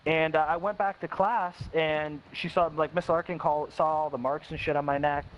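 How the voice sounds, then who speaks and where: A man's voice: fairly high pitch, steady tone. A young man telling a personal story in a blunt, casual way, swearing heavily and acting out quotes. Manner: blunt, heavy swearing, quick quoted voices, restarts. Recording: dull lo-fi with faint hiss.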